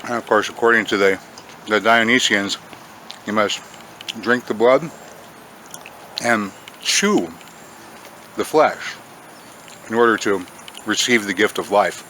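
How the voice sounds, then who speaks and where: Chatty male farm vlogger, slightly low, bright and forward voice, recorded outdoors on a camera mic. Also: slow pace, pauses often, a little hiss or hum. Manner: chatty, talks in a high sing-song voice to cats and caterpillars. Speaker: farm channel host. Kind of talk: casual outdoor vlog.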